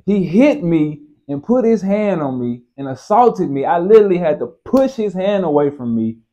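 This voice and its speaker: A man's voice: sits high, big pitch swings, moderate pace, dark tone, lo-fi sound. A man co-hosting, retelling a confrontation in heated, emphatic casual chat. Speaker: co-host.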